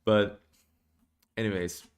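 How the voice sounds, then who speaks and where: A man's voice: on the low side, little pitch movement, takes it slowly. A man giving casual, rambling stream commentary, with many fillers and restarts.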